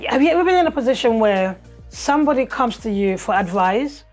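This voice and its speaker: A woman's voice: a little high, animated, brisk, soft background music. A woman co-hosting a casual talk show, chatting and laughing often, tagging her sentences with "yeah". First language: Lingala or French. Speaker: podcast co-host. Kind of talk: casual chat.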